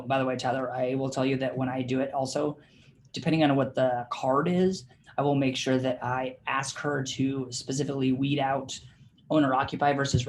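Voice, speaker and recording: Heard over a video call with a little hiss or hum, a man with a mid-range voice casually teaches a real estate training session. He chats informally with frequent fillers, laughing as he tells stories.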